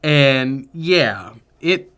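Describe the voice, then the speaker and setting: A man co-hosting a film review podcast, chatting casually and giving opinionated, emphatic takes. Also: medium pitch. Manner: animated, opinionated, drawn-out emphasis. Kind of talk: casual movie review chat.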